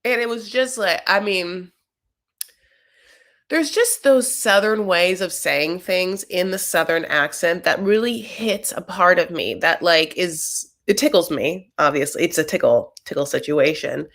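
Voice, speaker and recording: A woman's voice: lowish voice, a little slow, a bit bright. A young adult woman hosting a casual TV recap, chatty and sassy with rambling asides. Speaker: host.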